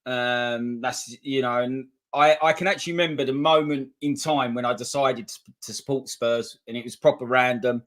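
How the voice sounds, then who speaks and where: A man co-hosting a livestream, telling in a relaxed way how he became a fan and joking with his co-host. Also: mid-range voice, normal speed, hardly any pauses. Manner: easygoing storyteller, teasing banter. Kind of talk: casual football chat.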